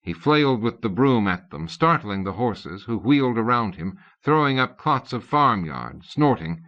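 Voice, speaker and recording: A man narrating an audiobook in a steady, measured reading. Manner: steady, measured reading, raising pitch for characters' lines. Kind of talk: scripted narration. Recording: dull lo-fi cassette audio.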